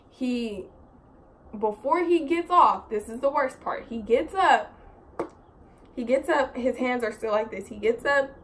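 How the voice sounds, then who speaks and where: Young woman, vlogger, higher voice, rambling storytime, frequent fillers, exasperated, faint background noise. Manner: rambling, animated, heavy use of "like" and "so"; exasperated, swearing. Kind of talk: casual storytime monologue.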